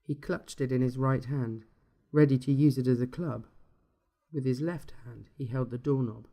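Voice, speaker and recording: Mellow man reading a dark tale. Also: medium pitch. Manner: steady, measured storytelling. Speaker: narrator.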